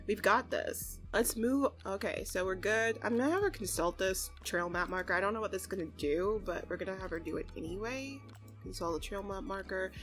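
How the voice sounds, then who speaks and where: Bubbly woman gushing over her game. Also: lowish voice. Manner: bubbly and excitable, laughs often, squeals. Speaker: let's play host. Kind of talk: casual gameplay commentary.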